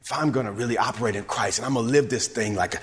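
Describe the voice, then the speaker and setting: A man's voice: mid-range voice, racing. A man preaching a sermon as pastor, emphatic and rhythmic. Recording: long hall reverb.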